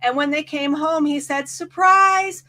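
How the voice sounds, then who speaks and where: A woman's voice: fairly high pitch, unhurried, pushed and bright. A middle-aged woman, a hypnotherapist guest, animatedly telling a client story and acting out the quoted voices. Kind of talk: storytelling in casual chat.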